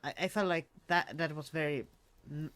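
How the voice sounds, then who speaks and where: A man's voice: on the high side, steady tone, normal speed, fairly bright tone. A man co-hosting a podcast, chatting casually about a movie and often restarting his phrases. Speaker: podcast co-host.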